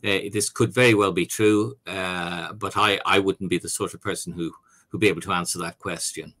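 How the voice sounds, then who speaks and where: Male guest, lowish bright voice, halting answers full of fillers, video call. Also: steady tone. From Ireland. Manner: hesitant, many fillers and restarts. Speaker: author and academic guest. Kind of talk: conversational Q&A answers.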